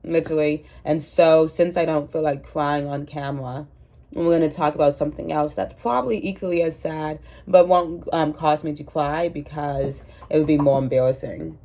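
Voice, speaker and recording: This vlogger, a woman in her twenties, has a low-pitched, dark voice that stays fairly even and moves at a normal speed. Sick with a cold, she chats casually and self-mockingly to her audience from home, recorded on the camera's mic rather than a separate microphone.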